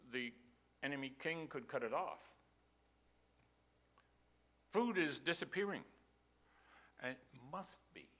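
A man's voice: fairly high pitch, pushed and bright. An older man preaching a sermon, telling a story emphatically and posing rhetorical questions to his congregation.

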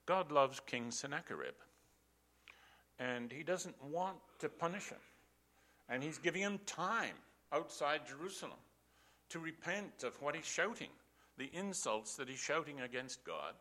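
An older male preacher delivers a sermon in a bright, forceful voice. He tells the story with animated swings of pitch, leans hard on repeated lines and asks his listeners rhetorical questions. His voice sits a little higher than most men's. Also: moderate pace.

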